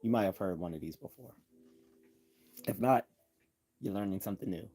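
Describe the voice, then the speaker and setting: Man, livestream lecture, sardonic jokey asides, low husky voice. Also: moderate pace, mellow. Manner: sardonic, jokey asides, frequent ums and laughs. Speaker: livestream host explaining logical fallacies. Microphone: desktop computer mic.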